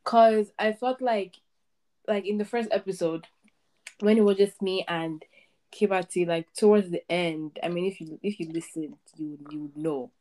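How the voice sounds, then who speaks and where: Chatty young woman host, lowish voice. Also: moderate pace, dark tone. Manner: chatty, lots of "like" fillers. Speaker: podcast host. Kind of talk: casual chat.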